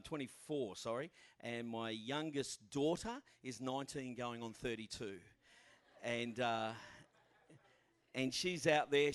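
A man's voice: mid-range voice, clear, resonant tone. An Australian man in his fifties, a guest pastor giving an informal, chatty sermon in a church with frequent fillers.

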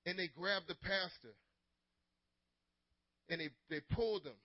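A man preaching an energetic call-and-response sermon to teenagers as youth pastor, telling stories dramatically. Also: high-pitched, unhurried, dry recording. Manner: dramatic storytelling, swings from loud to hushed. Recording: dull lo-fi sermon recording.

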